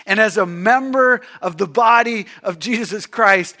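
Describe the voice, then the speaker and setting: A pastor preaching a sermon, swinging between loud emphatic lines and hushed near-whispers. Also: male voice, sits high, unhurried, few pauses.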